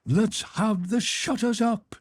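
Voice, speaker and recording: A man voicing a jovial, portly old employer in an audiobook, calling out loudly in a rich, hearty, raised voice. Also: steady tone, takes it slowly, no echo, clean studio sound. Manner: loud, booming calls.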